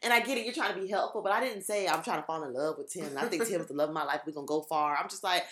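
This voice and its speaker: A woman co-hosting a casual chat, animated and acting out quoted voices. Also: fairly low pitch, rapid-fire. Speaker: podcast co-host. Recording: roomy echo.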